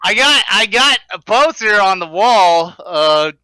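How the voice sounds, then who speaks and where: A man in casual chat, telling an anecdote with animated stammers and crude words. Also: high-pitched, unhurried, smooth, no room sound, low-quality recording. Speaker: podcast co-host.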